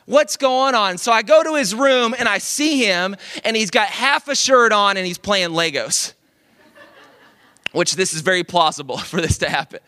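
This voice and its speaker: A young male pastor preaching into a microphone with a high, bright, forceful voice. He keeps it conversational and animated, tossing in casual asides and checking in with the congregation as he goes. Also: moderate pace. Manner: conversational, animated, with frequent "like" and "right?". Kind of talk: sermon. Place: church service. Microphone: speaking into a microphone.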